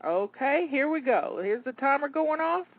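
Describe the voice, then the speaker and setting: A woman's voice: high-pitched, lively intonation, moderate pace, a little hiss or hum. A woman coaching listeners through a cleaning session, encouraging and coaxing, a bit out of breath. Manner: encouraging, coaxing, repeats words. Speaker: home organizing coach. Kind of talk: motivational cleaning pep talk. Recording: dry tinny phone-like sound.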